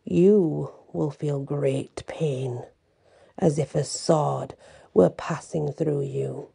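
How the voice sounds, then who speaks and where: Woman voicing a gravelly scheming sea witch. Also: low voice, very slow, dark tone, heavily acted. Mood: menacing.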